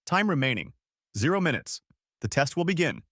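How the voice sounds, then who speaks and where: A man reading out a game system voice, flat machine announcer listing notices one by one, neutral and steady, close dry sound with no room at all. the pitch still moves a fair bit between items. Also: moderate pace, no echo, heavily acted. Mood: announcing.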